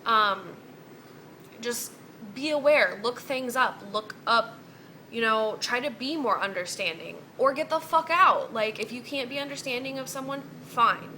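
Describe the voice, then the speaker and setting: A woman's voice: fairly high pitch, expressive, a little slow, sharp tone, slight background noise. A young woman in a casual vlog, venting bluntly and cursing freely. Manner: blunt, heavy cursing, exasperated. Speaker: vlogger.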